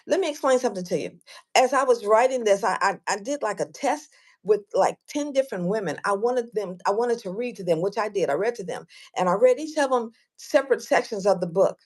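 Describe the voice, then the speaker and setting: A woman guest and author telling stories casually, animated, acting out quoted voices and repeating words as she goes. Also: medium pitch, fairly quick. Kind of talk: casual storytelling.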